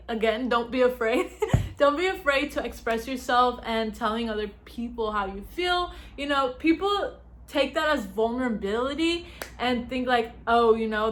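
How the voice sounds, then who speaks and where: A young woman vlogging at home, giving chatty advice to the camera, laughing often and talking fast. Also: high voice, a bit bright. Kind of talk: casual talk to camera.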